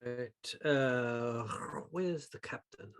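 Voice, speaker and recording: A man's voice: mid-range voice, very slow. A man running a tabletop game as game master, talking in a loose, rambling way with many fillers and chuckles.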